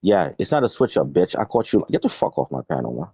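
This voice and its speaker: A man delivers a heated, profane live-stream rant with a confrontational edge. His voice sits low and mellow but jumps around a lot in pitch. The sound is dry and dull, like lo-fi stream audio. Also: sing-song, fast talker, gravelly, breathy edge, no echo.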